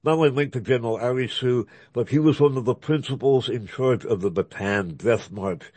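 A man's voice: mid-range voice, brisk, a little mellow, no room sound. A man hosting a radio talk show, speaking in a rambling, digressive way and spelling out names letter by letter. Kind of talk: conversational radio interview.

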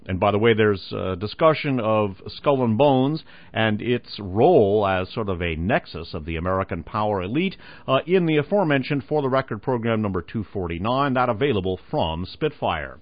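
A man's voice: lowish voice, animated, no echo. Male radio host, emphatic article reader, dry studio sound. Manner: measured, emphatic reading with asides. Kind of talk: reading a news article on air with commentary. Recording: dull lo-fi radio broadcast.

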